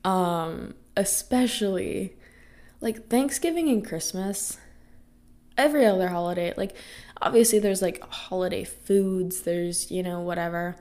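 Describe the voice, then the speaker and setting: A young woman from Canada hosting a casual solo podcast, rambling and chatty, her voice raspy from a coming cold. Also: fairly low pitch, measured pace, a little mellow. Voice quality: gravelly. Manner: chatty, rambling with many fillers. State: getting sick, raspy voice. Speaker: podcast host. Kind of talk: casual chat.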